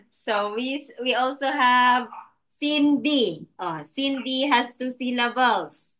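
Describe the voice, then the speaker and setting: Woman, English tutor on a video call, higher voice, bright tone, slow and encouraging. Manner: patient and encouraging, laughs often. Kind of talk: one-on-one online lesson for a child.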